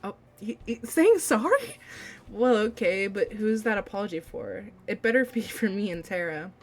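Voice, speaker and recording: A woman's voice: mid-range voice, very animated, moderate pace. A woman reading the lines of a nervous, earnest teenage boy, shaky and indignant. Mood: flustered.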